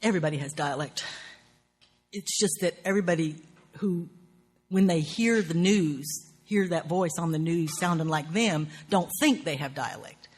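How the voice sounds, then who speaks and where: A woman with a Southern US accent giving a writing workshop lecture in a salty, profane, animated way, laughing often. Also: on the low side, normal speed, slightly rough.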